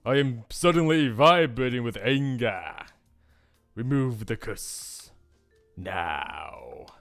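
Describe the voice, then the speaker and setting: A man's voice: mid-range voice, expressive, takes it slowly, a bit bright, soft background music. A man voicing a young cursed princess who is bewildered and indignant, as he reads a visual novel aloud. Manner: indignant, confused.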